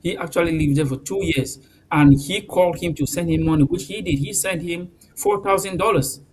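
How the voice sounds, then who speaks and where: A man speaking as a guest on a TV news panel, halting and emotional, with frequent fillers. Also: on the high side, breathy edge, rough recording. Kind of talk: live TV panel discussion.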